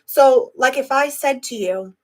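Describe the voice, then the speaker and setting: In an unhurried, high voice, a young woman in her early adulthood talks to viewers on a live stream. Her manner is chatty and reflective, and she speaks to her audience directly.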